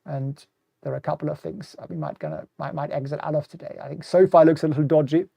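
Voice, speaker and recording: This middle-aged German livestream host talks fast and very animatedly as he comments casually on markets, repeating words and taking viewer questions. His mellow, fairly high voice has vocal fry, and his accent mixes German with British English. The recording has no room sound.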